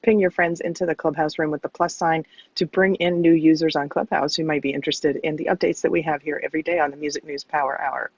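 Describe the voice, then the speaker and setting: A man co-hosting and moderating a live audio show, giving announcements in a smooth, playful announcer style. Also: fairly high pitch, no room sound, highs cut off. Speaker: co-host and moderator.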